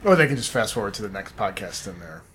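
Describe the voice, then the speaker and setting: A man's voice: on the low side, very animated, fast talker, crowd noise. A man co-hosting a podcast in casual chat, talking at length in a digressive, explaining way with many fillers and restarts. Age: adult, studied Latin up to eleventh grade. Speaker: podcast co-host.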